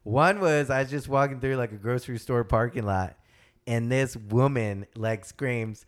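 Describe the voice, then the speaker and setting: A man's voice: mid-range voice, normal speed. A man telling funny stories in casual chat, laughing and acting out other people's voices. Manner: animated, laughing storyteller who acts out voices. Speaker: podcast guest.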